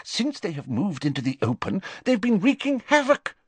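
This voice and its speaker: A man voicing a flustered middle-aged wizard minister, talking rapidly and defensively in an audiobook. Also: high voice, very animated, breathy edge, dry recording, pitched above the performer's own voice, exaggerated voice. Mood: agitated. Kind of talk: audiobook character voice.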